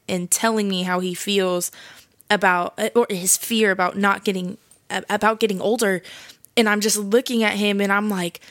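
A woman's voice: medium pitch, a bit bright, dry recording, studio quality. A young woman hosting a casual faith podcast, chatty and slangy, laughing often as she tells a story. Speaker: podcast host.

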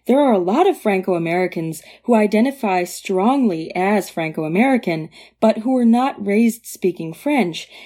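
Mellow-voiced woman podcast host. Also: medium pitch. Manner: careful, articulate, long framed questions. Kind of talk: prepared interview questions.

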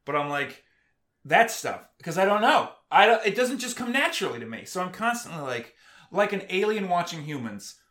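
A man chatting on a podcast in a bright, fairly high voice. He speaks deadpan and slips into stiff put-on voices for quoted exchanges. The room is echoey. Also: normal speed. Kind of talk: casual chat.

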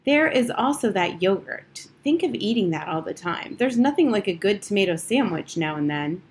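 A woman's voice: medium pitch, lively intonation, moderate pace, natural voice. Frank curious young girl, read by a female narrator, matter-of-fact, plain voice, audiobook.

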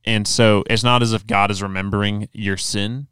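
A man's voice: lowish voice, fairly even intonation, normal speed, a bit bright, smooth, no echo. A man co-hosting a podcast, explaining religious ideas earnestly in casual chat with many fillers. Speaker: podcast co-host. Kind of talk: casual faith discussion.

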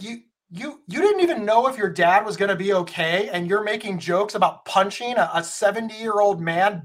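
A man giving earnest, emphatic advice in a conversational style, often restarting his words. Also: sits high. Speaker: guest speaker on mental health.

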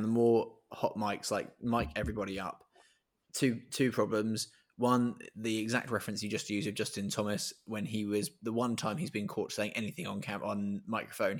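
A man co-hosting a casual podcast chat over a remote call, often laughing and restarting. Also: fairly low pitch. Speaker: podcast co-host. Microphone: remote call mic.

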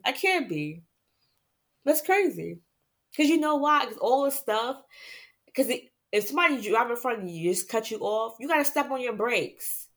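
A woman hosting her own podcast, venting to listeners in a casual, animated way and laughing often. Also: high-pitched. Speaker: podcast host.

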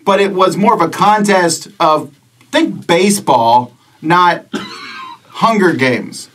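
A man's voice: high voice, expressive, slow pace, a bit bright, slight background noise. Man narrating as game master, distant mic. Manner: chatty, stumbling restarts while describing scenes.

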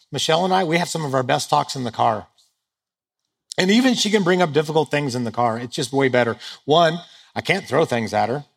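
A man's voice: a little high, creaky, a bit bright, husky. A man preaching a sermon to a live audience in a humorous, conversational way, joking at his own expense. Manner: humorous, conversational, self-deprecating. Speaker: pastor. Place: stage before a live audience.

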